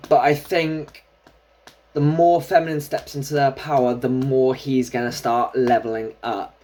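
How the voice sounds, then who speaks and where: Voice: mid-range voice, level tone, a little slow, darkish tone. A tarot reader giving a casual solo reading, chatting and thinking aloud while drawing cards.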